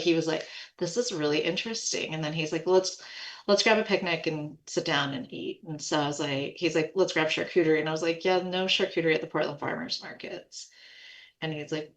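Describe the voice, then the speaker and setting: A woman in her forties, a podcast guest, telling a casual story in an animated way, quoting others and laughing often. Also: low-pitched. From United States. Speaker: podcast guest, food company co-founder.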